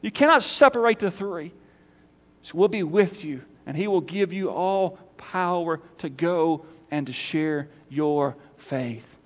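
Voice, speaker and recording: High-voiced emphatic preacher in echoing church. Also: male voice, lively intonation, takes it slowly. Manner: emphatic, rising to loud calls then dropping soft for prayer. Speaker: pastor. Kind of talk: sermon. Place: church sanctuary. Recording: church hall reverb.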